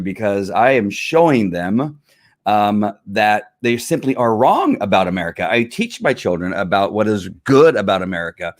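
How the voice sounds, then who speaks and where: A man hosting a livestream as a police officer, talking earnestly in a halting way with frequent restarts. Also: on the low side, sing-song. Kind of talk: livestream commentary.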